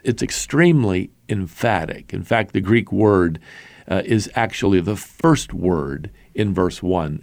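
A male pastor delivers a sermon in a low-ish, gravelly voice. He leans hard on single words and slows down with deliberate pauses to drive each point home. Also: darkish tone, no room sound.

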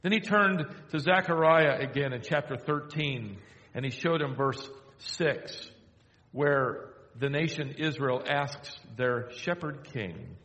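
An older man preaching a sermon, telling a story and slowing down to quote scripture. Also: mid-range voice, animated, fairly bright tone. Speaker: pastor. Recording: echoey hall.

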